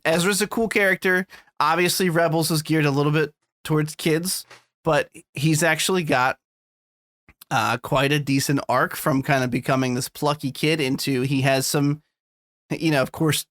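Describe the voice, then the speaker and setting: A chatty man co-hosting a podcast, his voice pitched a little above the usual for men. He talks casually, laughs easily and swears freely. The sound is dry and close, with no room around it. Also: fairly bright tone, no room sound. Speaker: podcast co-host. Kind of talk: casual chat.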